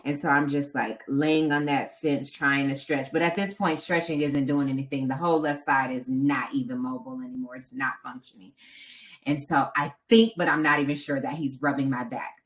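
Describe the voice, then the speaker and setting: Woman co-host, low voice, animated storyteller who voices the people in her story. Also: normal speed. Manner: animated storytelling, acting out other people's lines. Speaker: podcast co-host and marathon runner. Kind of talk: casual podcast chat.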